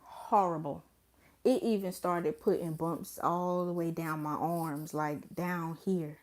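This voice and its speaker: A young woman talks straight to her vlog audience in a loose, blunt, profane way. She acts out what she said to others with sudden jumps in her voice. Her voice sits a bit low for a woman. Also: slow. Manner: animated, blunt and profane, with dramatic quoted asides. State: pregnant. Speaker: vlogger. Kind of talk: casual storytime vlog.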